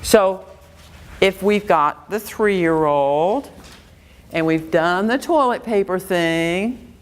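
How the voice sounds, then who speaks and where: A woman's voice: lowish voice, slow. A woman educator giving an interactive workshop lecture, quizzing her audience with a string of questions in a room before a live audience.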